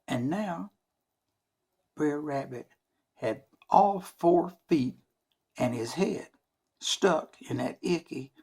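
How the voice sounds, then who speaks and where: A man telling a folk tale for children in a lively, dramatic way, with shouted sound effects and slow hushed stretches. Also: fairly high pitch, gravelly, slightly rough. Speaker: storyteller.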